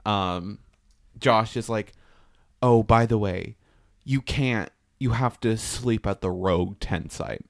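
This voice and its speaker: A young man telling a camping story in a casual chat, lively and laughing. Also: on the low side, slow pace, gravelly. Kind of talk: casual family podcast chat.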